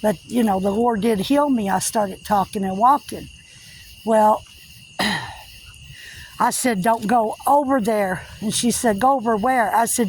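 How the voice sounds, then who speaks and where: A woman's voice: mid-range voice, a little mellow, breathy edge, low-quality recording. A woman vlogger recounting a personal spiritual testimony in an earnest, repetitive storytelling manner. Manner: earnest, repetitive retelling with many "I said" tags.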